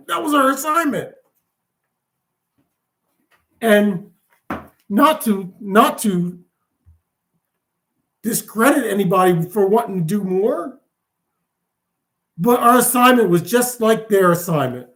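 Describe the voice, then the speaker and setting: A man's voice: sits high, lively intonation, slow, long pauses, a bit bright. A man preaching a sermon as an elder, telling stories animatedly and laughing often.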